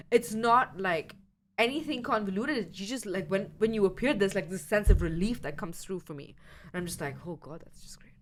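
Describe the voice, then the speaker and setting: A young woman co-hosting a podcast tells a long, rambling story in casual conversation, swearing and laughing frequently. Her voice is medium-pitched and slightly bright, with a bit of background noise.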